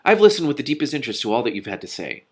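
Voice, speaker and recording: A man's voice: medium pitch, sing-song, a little mellow, breathy edge, voice pushed up. A man voicing a young king who sounds cheerful, formal and then bluntly firm with his council. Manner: brisk, royal, then blunt.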